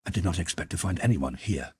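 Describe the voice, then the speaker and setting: A man's voice: deep voice, lively intonation, quick pace, a little mellow, husky, no echo, clean studio sound, heavily acted. A man reading an audiobook, voicing a cool, self-assured young man who stays unflappable. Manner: cool and imperturbable.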